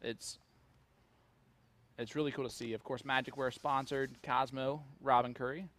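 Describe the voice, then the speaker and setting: A man's voice: medium pitch, steady tone, moderate pace, fairly bright tone. A man commentating live darts, chatty and joking as he reads out player stats.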